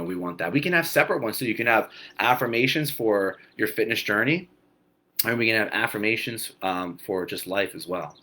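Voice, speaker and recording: A man coaching viewers on fitness in a live talk, energetic and repetitive, often checking in with "okay" and "right". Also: on the low side.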